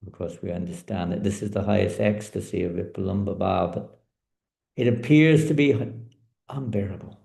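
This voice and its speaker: A man teaching as a spiritual speaker, telling a sacred story in an animated way in a sermon. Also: sits low, normal speed, vocal fry, echoey room, low-quality recording. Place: in India.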